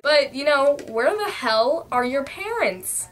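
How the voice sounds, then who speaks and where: A woman's voice: sits high, sing-song, slow pace, fairly bright tone, faint music behind. A young woman ranting to camera in a casual vlog, chatty and full of fillers, recorded on a cheap camera mic. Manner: chatty, lots of fillers, jumps into quoted voices. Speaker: vlogger.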